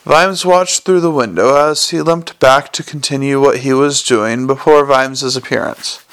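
A man narrating a storybook at a measured pace, with small slips and self-corrections. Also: medium pitch, a bit bright, clean tone. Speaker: audiobook reader.

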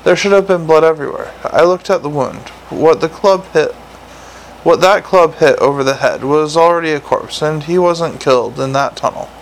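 A man reading a storybook who voices a calm, precise young female constable, matter-of-fact in her report. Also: a little high, moderate pace, slight background noise, close to an everyday voice, rough recording.

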